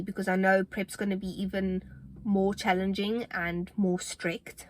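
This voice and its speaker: A woman's voice: mid-range voice, little pitch movement, a little slow, a bit bright. A young woman talking to camera in a casual fitness vlog, earnest and motivational, chatty with fillers, a little out of breath. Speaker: fitness vlogger.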